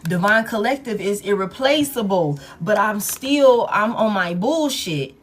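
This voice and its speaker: A woman's voice: mid-range voice, lively intonation, unhurried. A woman voicing a smug, two-timing lover who keeps their options open, talking in a boastful, swaggering, casual way.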